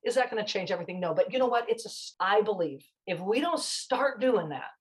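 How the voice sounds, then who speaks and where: A woman's voice: mid-range voice, lively intonation, brisk, poor audio. A woman guest in a conversation, telling a story in a passionate, emphatic, chatty way.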